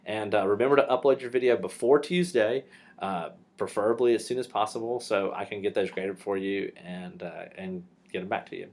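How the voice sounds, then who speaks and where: A man's voice: on the low side, fairly quick, darkish tone. A male teacher casually telling a personal story for his class, with fillers and restarts.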